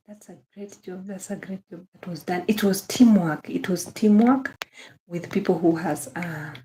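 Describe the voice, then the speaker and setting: A young woman with a Kenyan accent hosts a casual livestream, welcoming viewers one by one and repeating her thanks and praise. Her voice sits low and sounds mellow and soft-edged. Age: young adult. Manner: effusive, repeats phrases, greets viewers by name. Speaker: livestream host.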